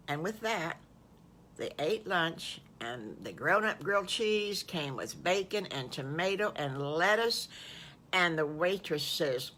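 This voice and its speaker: An older woman improvising a children's story in a folksy, animated way, full of exclamations. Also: on the low side, takes it slowly, slight background noise.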